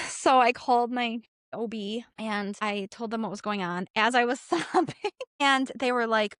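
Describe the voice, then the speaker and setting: A woman's voice: fairly high pitch, normal speed, no room sound, clean studio sound. A young woman co-hosting a podcast, chatty and candid, telling a personal story with many "like" fillers and acted-out bits of past dialogue. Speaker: podcast co-host.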